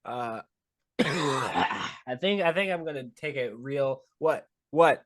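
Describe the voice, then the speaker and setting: A man in a tabletop game jokes wryly through the last of a cold, with coughs breaking in. His voice is middle-pitched and recorded close and dry. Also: expressive, takes it slowly, a bit bright, dry recording. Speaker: player.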